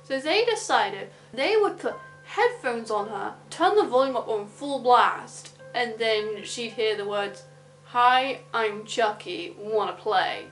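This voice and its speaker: A woman's voice: on the high side, lively intonation, unhurried, hardly any pauses, fairly bright tone, faint music behind, low-quality recording. Indignant London woman telling true crime. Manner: blunt, indignant asides. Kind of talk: casual true crime storytelling.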